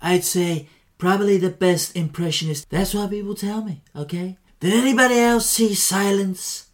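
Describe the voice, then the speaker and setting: A man's voice: sits high, moderate pace, pitched above the performer's own voice, lightly acted. A man putting on a hammy, menacing voice as a mock impression of a fighter. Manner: hammy, self-mocking.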